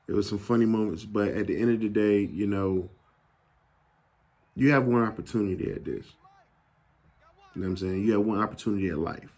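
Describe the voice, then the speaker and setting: Slangy lower-pitched man telling a story. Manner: animated, slangy, acts out quoted people. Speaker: YouTube gaming channel host. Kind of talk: casual storytelling.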